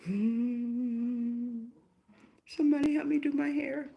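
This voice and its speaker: A woman's voice: a little high, fairly even intonation, takes it slowly, vocal fry, lo-fi sound. A young woman ranting bluntly and profanely on a casual livestream, firing off rhetorical questions while doing her hair.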